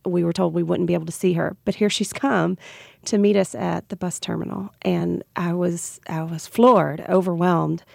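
A woman with a Southern US accent tells a heartfelt personal story on the radio, breaking into laughter now and then. Her voice is deeply gravelly and full of fry, and her pitch sits on the low side. The sound is very dry and close. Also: fairly even intonation, moderate pace, darkish tone, no room sound. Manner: heartfelt, laughs while telling. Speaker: radio guest.

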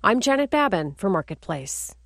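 A woman radio reporter filing a measured, clear business news report. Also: medium pitch, big pitch swings, very noisy.

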